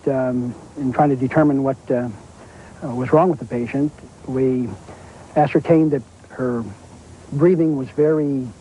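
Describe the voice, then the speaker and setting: Hesitant man with a mellow voice. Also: medium pitch, a little hiss or hum, poor audio. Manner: careful, hesitant recounting with fillers. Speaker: former ambulance driver interviewed. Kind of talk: interview testimony.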